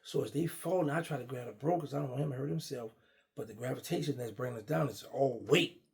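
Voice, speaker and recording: Gravelly-voiced man telling a story. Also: mid-range voice, quick pace. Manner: animated, acts out quoted dialogue. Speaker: guest storyteller. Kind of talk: casual storytelling.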